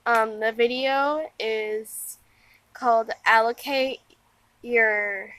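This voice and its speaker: A woman's voice: a little high, steady tone, drawn-out words, fairly bright tone, poor audio. A tired young woman giving a rambling, casual vlog update outdoors in the wind, full of fillers and restarts. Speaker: vlogger.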